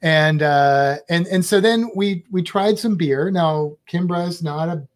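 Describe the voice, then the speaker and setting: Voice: mid-range voice, slow pace. A travel vlogger in casual chat, rambling and chatty with playful asides.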